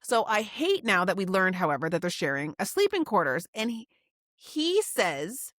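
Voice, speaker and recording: A woman's voice: medium pitch, sing-song, normal speed, fairly bright tone, dry recording, studio quality. A woman co-hosting a book podcast, reading out her notes and acting out the characters' lines in a casual chat. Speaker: podcast co-host.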